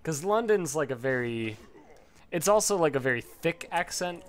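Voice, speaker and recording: A man's voice: fairly high pitch, expressive, moderate pace. A man giving casual, rambling gameplay commentary while leveling a character, swearing freely and laughing often.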